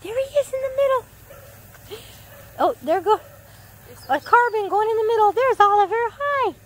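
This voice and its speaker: A woman outdoors talking to puppies in a high, sing-song baby-talk voice. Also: animated, unhurried. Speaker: dog owner filming puppies. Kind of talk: casual chat to puppies. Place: outdoors in a yard.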